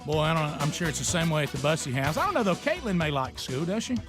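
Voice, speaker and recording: A man's voice: a little high, fast talker, over music. A middle-aged man with a Southern American accent, hosting a radio show and chatting with family, teasing and laughing as he tells stories. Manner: animated, laughing, teasing storyteller. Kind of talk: casual chat with family.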